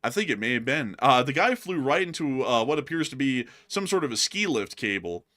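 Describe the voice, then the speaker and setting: Bright-voiced male news commentary host. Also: medium pitch, very animated, a little fast. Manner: chatty, laughs often, fillers.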